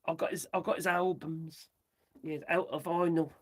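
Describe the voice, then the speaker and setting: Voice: medium pitch, level tone, normal speed, breathy edge. A host chatting loosely on a livestream, rambling, giggling and muttering while reading off a phone. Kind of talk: casual livestream chat reacting to viewers.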